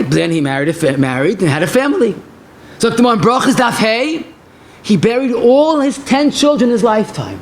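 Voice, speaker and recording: Passionate high-voiced rabbi lecturing. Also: male voice. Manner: passionate storytelling with Yiddish and Hebrew phrases. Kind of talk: Torah lecture.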